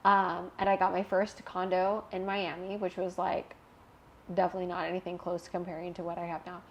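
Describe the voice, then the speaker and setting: A young woman guest telling a personal story in a candid interview, animated and emotional, laughing at times. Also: fairly low pitch, brisk, lo-fi sound, slight background noise.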